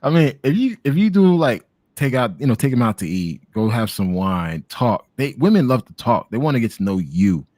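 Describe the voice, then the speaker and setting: On a dry recording, this Miami-born American guest on a travel talk show keeps things casual over video call, slangy and relaxed, tossing out "man" and "bro" to everyone. His mid-range voice sounds a little mellow, very animated, and moves at a moderate pace.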